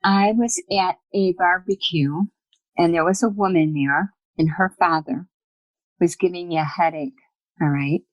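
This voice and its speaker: A woman guest on a podcast interview, telling personal stories in a lively, chatty way and acting out the dialogue. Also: fairly low pitch, no echo, highs cut off. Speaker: guest, spiritual medium. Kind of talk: casual storytelling in an interview.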